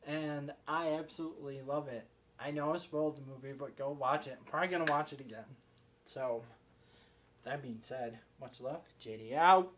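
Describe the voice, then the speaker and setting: A man giving a casual, rambling spoken movie review, excitable and full of fillers and restarts. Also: on the high side, moderate pace, slight background noise.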